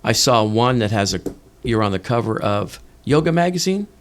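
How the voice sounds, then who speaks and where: A male podcast host with a mid-pitched, gravelly voice asks simple follow-up questions. He keeps the talk going with short, encouraging replies. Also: lively intonation, moderate pace. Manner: brief encouraging backchannels and plain follow-up questions. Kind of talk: casual interview.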